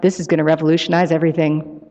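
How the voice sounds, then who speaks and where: A woman voicing a cold, menacing man who is in charge, speaking in a calm, controlling way. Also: low-pitched, very fast, close to an everyday voice. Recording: echoey hall, muffled live sound.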